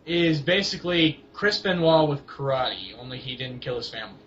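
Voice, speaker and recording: A young man co-hosting a casual wrestling chat, rambling and halting, with lots of fillers and restarts. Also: mid-range voice, a bit bright. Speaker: co-host of a wrestling blog. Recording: dull lo-fi home recording with faint hiss.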